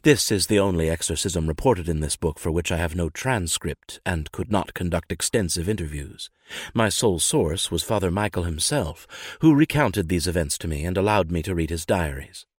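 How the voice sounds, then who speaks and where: A man narrating a nonfiction story in a measured, grave manner. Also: sits low, lively intonation, slightly rough, dry recording, clean studio sound. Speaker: author and narrator. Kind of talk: scripted narration.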